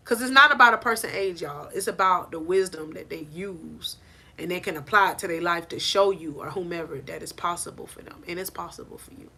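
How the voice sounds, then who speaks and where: This female life coach preaches faith and motivation over a live stream, staying animated and frequently pushing toward near shouting. She speaks a little fast in a lowish, gravelly voice with a breathy edge.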